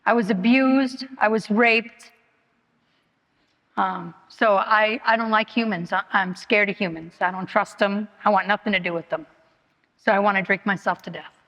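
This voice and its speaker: Halting woman speaking in echoing hall. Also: medium pitch, a bit bright, dull audio. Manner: candid, halting, many fillers and restarts. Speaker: speaker at a recovery meeting. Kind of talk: personal testimony. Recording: long hall reverb.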